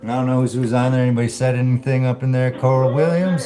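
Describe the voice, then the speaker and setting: A man's voice: mid-range voice, little pitch movement, fast talker, few pauses. A man hosting a live cooking stream from his home kitchen, rambling casually to viewers as he cooks. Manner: laid-back, rambling, talks to viewers while cooking. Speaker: livestream host cooking. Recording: roomy sound with clear music behind. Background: blues or country music playing.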